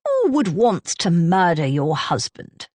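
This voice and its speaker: Courteous tactful gentleman, soothing, voiced by a woman in an audiobook. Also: on the low side, wildly swooping pitch, measured pace, no room sound, exaggerated voice. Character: courteous, tactful middle-aged Englishman.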